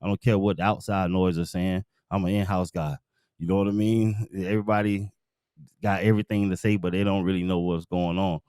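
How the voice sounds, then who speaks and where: Deep, smooth-voiced man talking sports. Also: level tone, fairly quick, warm tone, no echo, clean studio sound. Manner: laid-back slang, many fillers. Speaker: guest. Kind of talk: casual sports talk.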